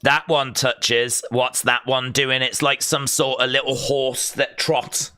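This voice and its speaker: A man streaming a live watch-along, giving excitable, chatty commentary with mock outrage. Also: mid-range voice, takes it slowly, clean tone.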